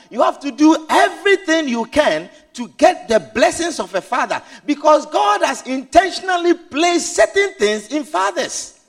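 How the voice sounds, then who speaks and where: A man preaching a sermon as pastor, fervent and repetitive, building to shouted peaks. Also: extremely high pitch, big pitch swings, normal speed, few pauses.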